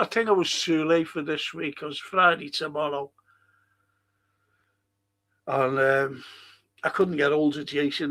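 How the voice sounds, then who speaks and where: Older Scouse man hosting a fan podcast live. Rambling, swears a lot, voice sits slightly high. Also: fairly bright tone. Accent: Liverpool (Scouse). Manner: rambling, swears freely, reads out chat comments. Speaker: podcast host. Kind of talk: casual live-stream chat.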